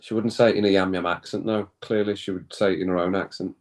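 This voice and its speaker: A man hosts a casual stream, chatting to his viewers. His voice sits a little low. He reads comments aloud and laughs easily. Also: steady tone, fast. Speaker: live stream host. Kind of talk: casual watch-along chat.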